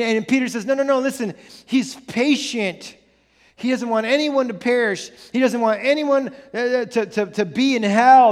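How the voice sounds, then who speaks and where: A man in his thirties preaching a sermon as pastor, animated and conversational, full of rhetorical questions. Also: high-pitched. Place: church sanctuary. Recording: church hall with long reverb.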